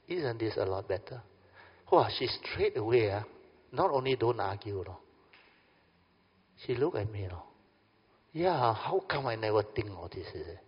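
A man's voice: on the low side, husky. A man, a Buddhist teacher telling a story in a dharma talk and acting out both sides of a conversation. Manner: animated, acts out dialogue, keeps asking "understand?". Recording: dull lo-fi sound with long hall reverb.

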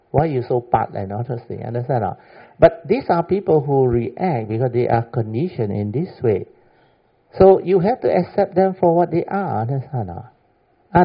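A man leads an informal Buddhist talk in a slightly husky voice of ordinary pitch. He speaks in emphatic, chatty bursts and keeps checking that his listeners follow. The recording sounds dull and lo-fi. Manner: keeps asking "understand or not?", emphatic and chatty. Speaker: Buddhist Dhamma teacher. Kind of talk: informal Dhamma talk with questions.

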